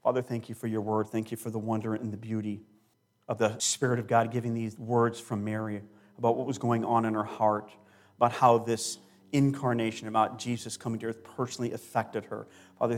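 A male pastor preaching a sermon with emphasis, slowing down and repeating key words. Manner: emphatic preaching with big swings in loudness and pitch.

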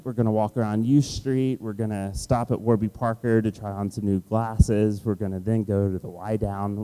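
A man preaching a sermon, telling a personal story in an animated way and acting out his own frustration. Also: lowish voice, rough recording. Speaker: pastor. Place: Washington, D.C.

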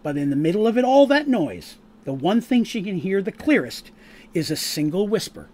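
A man narrating a tabletop game as game master, casual and full of fillers, pausing to explain rules. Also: high-pitched, sing-song, a little mellow.

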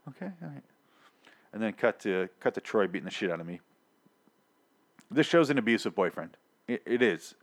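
A man's voice: lowish voice, moderate pace, long pauses. A man hosting a solo podcast, ranting sarcastically and profanely in a TV show review. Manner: profane, sarcastic, animated rant. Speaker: podcast host.

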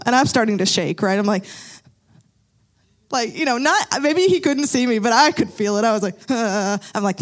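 A woman with a slightly higher voice tells a personal faith testimony in a casual podcast chat. She talks in an animated, rambling way, often laughing and restarting her sentences.

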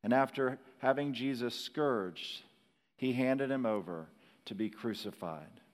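Slow, dramatic male preacher in a hall. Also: medium pitch. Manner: slow, dramatic preaching with emphatic rises and hushed drops. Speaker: pastor. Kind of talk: sermon.

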